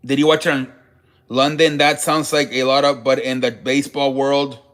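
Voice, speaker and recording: Man, sports stream host, bright forceful voice, rambling, swears a lot, chats with viewers. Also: medium pitch, level tone, normal speed. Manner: rambling, profane, talks to chat viewers. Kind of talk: casual live-stream sports chat.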